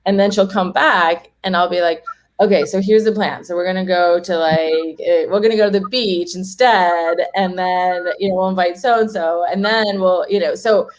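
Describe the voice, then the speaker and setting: A woman's voice: fairly low pitch, fairly even intonation, moderate pace, a little hiss or hum. A woman guest chatting in an interview, talking freely, laughing often and acting out what people said. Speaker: home organizing guest. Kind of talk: casual interview chat.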